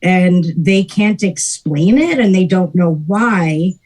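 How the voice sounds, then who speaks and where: A young woman co-hosting a casual spiritual chat, explaining calmly with many fillers. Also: on the low side, slow, low-quality recording. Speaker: podcast co-host.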